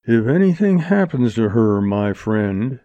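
A man reading an audiobook, voicing a gruff, guarded outlaw speaking in a low, measured, warning way. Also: big pitch swings, no room sound. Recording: dull lo-fi recording.

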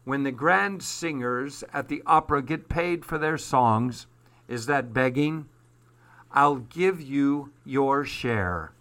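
A man's voice: medium pitch, takes it slowly, fairly bright tone. A man voicing a proud old bearded hobo from a storybook, wistful and dignified.

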